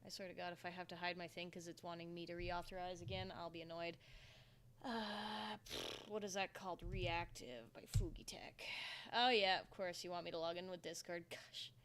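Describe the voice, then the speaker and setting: A woman's voice: lowish voice, steady tone, normal speed, a bit bright, a little hiss or hum. A young woman streaming live at home into a desk microphone, chatting casually and rambling to herself as she works and answers chat. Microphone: desktop microphone.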